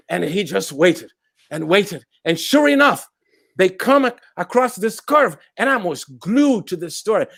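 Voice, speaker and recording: A Brazilian-accented storyteller man whose voice sits high for a man. He talks in a lively way and laughs often. The sound is dry and close, as on a video call. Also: dry recording. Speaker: storyteller guest. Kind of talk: animated storytelling in a chat.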